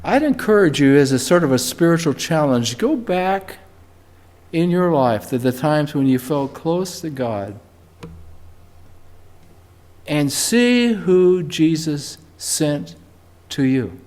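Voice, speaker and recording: An older man preaching a sermon in a church, talking in a relaxed storytelling way and rising emphatically on key words. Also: fairly high pitch, slow pace. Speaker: pastor. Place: church sanctuary.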